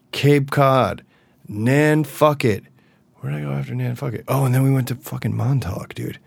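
A man hosting a casual solo podcast, talking in an animated, profane way. He swings between loud excited bursts and quiet mumbled asides. The recording is dry and close. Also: medium pitch, creaky, no echo. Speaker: podcast host.

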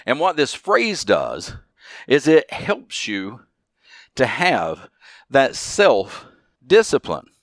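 A man's voice: mid-range voice, wildly swooping pitch, very slow, dry recording, clean studio sound. A man hosting a solo motivational podcast, talking earnestly and leaning hard on repeated key phrases. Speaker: podcast host.

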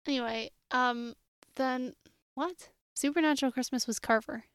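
A woman's voice: high voice, moderate pace, clean tone, dry recording. A woman co-hosting a podcast, recapping scenes in a dry, wry way. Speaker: podcast co-host. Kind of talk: casual chat.

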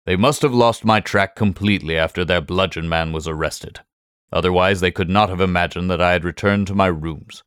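A man voicing a cool, brilliant middle-aged detective who speaks in a calm, measured, quietly superior way. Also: low voice, clear, resonant tone, no echo, clean studio sound. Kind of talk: audiobook character voice.

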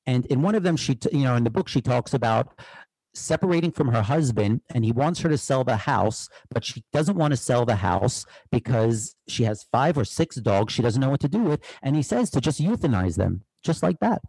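Animated man with a New York accent. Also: normal speed, slightly rough, no echo, poor audio. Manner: animated storyteller, pitch jumps up when excited. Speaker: podcast host. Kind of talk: casual interview chat.

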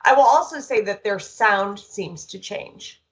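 A woman dog trainer chatting casually, animated and storytelling, with quick asides. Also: mid-range voice, muffled recording. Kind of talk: casual conversational chat.

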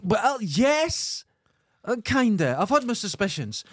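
A Scottish man hosting a podcast, telling a comic story in an animated, emphatic way and swearing freely. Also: sits high, slow pace, no room sound, studio quality. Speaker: podcast host. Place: studio.

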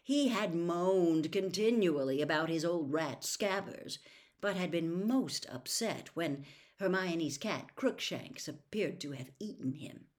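Low-voiced woman reading a story aloud. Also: animated, slow.

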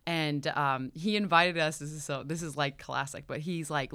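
A young woman, a guest on an interview, telling a story with lively, expressive delivery and acted-out quotes. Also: low-pitched, normal speed, few pauses, clean tone. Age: young adult. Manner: expressive, acts out quotes with big jumps in loudness. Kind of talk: animated storytelling.

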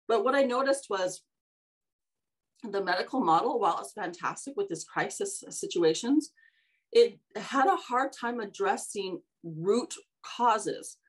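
A woman hosts a casual podcast and tells stories from her own life. She wanders off track, restarts her sentences and laughs often. Her pitch sits in the ordinary middle range for a woman. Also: lively intonation, normal speed, slightly rough, poor audio. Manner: rambling, self-correcting, laughs often. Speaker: podcast host. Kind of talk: casual storytelling.

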